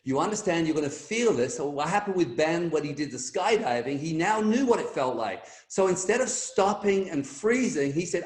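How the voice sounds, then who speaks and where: A middle-aged man telling an energetic motivational story as a guest speaker on a team video call, acting out the voices in his anecdotes. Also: on the high side, normal speed, hardly any pauses, roomy sound.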